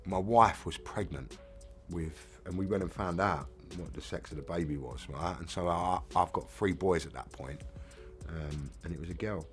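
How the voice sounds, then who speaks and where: Over soft background music, a low-pitched middle-aged man with an English accent recounts his life at a normal pace. His first-person storytelling is candid, plain-spoken, casual, and frank.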